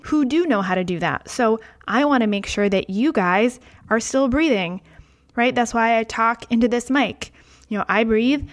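A woman hosting a podcast, talking in a candid, gentle and reflective personal monologue. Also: fairly high pitch. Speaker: podcast host.

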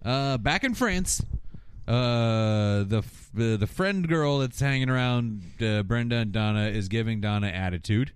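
Lively man recapping a TV show. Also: mid-range voice, clean tone, no echo, clean studio sound. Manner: animated, acting out every character with quick voice switches. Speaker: podcast host. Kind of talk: casual episode recap.

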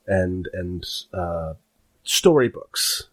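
A man's voice: low-pitched, very slow. A man narrating a tabletop game as game master, rambling with lots of fillers. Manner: rambling, filler-heavy, animated.

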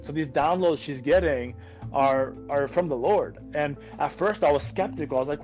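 A man, a military veteran and podcast guest, telling faith stories in an earnest, excited way. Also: fairly high pitch, a little fast, muffled recording, faint music behind. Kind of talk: conversational podcast interview.

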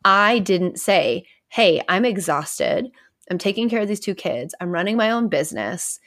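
A woman's voice: medium pitch, lively intonation, unhurried, fairly bright tone. A woman in her thirties, a therapist hosting her own podcast, talking candidly and conversationally on her own, sometimes dropping to a near whisper. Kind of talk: casual solo podcast talk.

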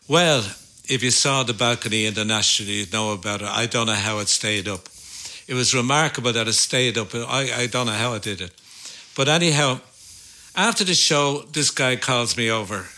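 An older Irish musician telling stories in a rambling, casual chat, full of fillers and restarts. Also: male voice, medium pitch, pushed and bright. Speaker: musician recalling gigs.

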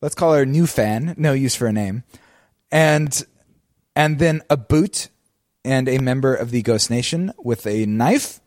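A man's voice: mid-range voice, animated, unhurried, darkish tone, no room sound, clean studio sound. A man co-hosting a podcast, casually recapping a show scene by scene with wry jokes and laughter. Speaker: podcast co-host.

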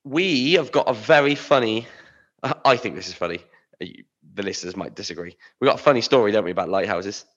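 A man's voice: lowish voice, lively intonation, brisk, a bit bright, highs cut off. A British-accented man co-hosting a podcast, chatting with enthusiasm and loose, easygoing phrasing. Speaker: podcast co-host. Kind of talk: casual chat.

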